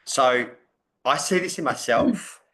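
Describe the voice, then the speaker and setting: A man's voice: mid-range voice, takes it slowly, a bit bright. A man hosting a podcast, asking thoughtful, reflective interview questions. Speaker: podcast host.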